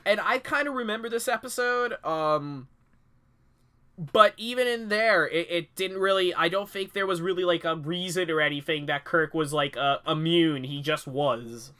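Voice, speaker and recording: A man co-hosting a casual comedic podcast, chiming in with quick, wry agreement over a video call. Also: a little high, pushed and bright, smooth. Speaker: podcast co-host. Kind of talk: casual comedic book-discussion chat.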